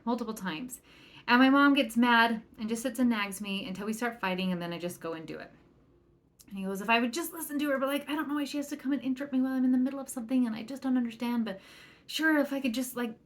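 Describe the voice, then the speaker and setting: Earnest chatty woman parenting coach. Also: medium pitch. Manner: earnest, chatty, quotes others in lively bursts. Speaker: parenting coach and podcast host. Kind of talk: casual solo podcast talk.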